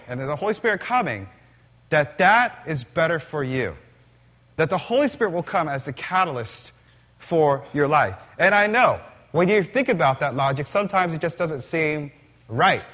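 Animated, conversational male preacher. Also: on the high side. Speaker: pastor. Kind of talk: sermon. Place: church.

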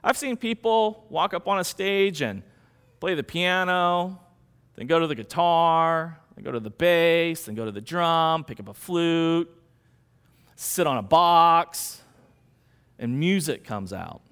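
A male pastor delivers a sermon in a high voice that rises and falls dramatically. He keeps it conversational and peppers it with rhetorical questions. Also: lively intonation, slow pace, a bit bright, clean tone.

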